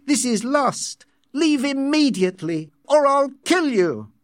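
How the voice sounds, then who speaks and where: Man doing idealistic young man, lifted pitch, intense, dry close recording. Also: animated, unhurried, darkish tone, no echo. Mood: furious.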